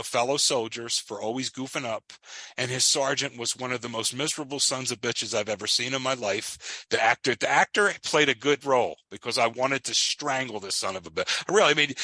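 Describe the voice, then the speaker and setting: A man co-hosting a casual chat show, telling a story with lots of emphasis and stumbling restarts. His voice is bright and forceful. It sounds dry and close, with no room around it. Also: mid-range voice, dry recording. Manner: animated storyteller, frequent restarts and emphatic outbursts. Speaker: podcast co-host. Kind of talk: casual chat, retelling a film scene.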